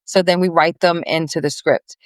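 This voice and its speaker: A woman's voice: on the low side, steady tone, normal speed, dry recording. A woman guest on a business podcast, chatting in a rambling, friendly way with many restarts. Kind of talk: casual interview chat.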